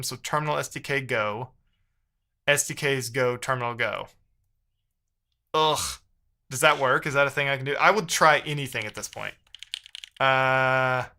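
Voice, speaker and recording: A man's voice: mid-range voice, pushed and bright. Frustrated man muttering while coding. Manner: frustrated, muttering, reading chat aloud. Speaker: live-streaming developer. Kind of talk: casual live-stream chat while coding.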